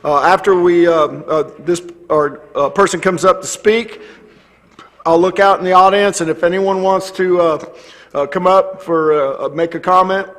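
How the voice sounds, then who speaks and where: A man's voice: sits high, steady tone, fairly bright tone. A man chairing a city council meeting, reading announcements and hesitating often with fillers and restarts. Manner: halting, many fillers and restarts.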